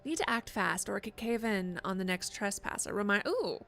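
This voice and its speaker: A woman's voice: mid-range voice, animated, normal speed, vocal fry, a bit bright, slight background noise. A woman streaming a game live, chatting and joking sarcastically while she plays. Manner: chatty, sarcastic, swears a lot. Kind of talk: live gameplay commentary.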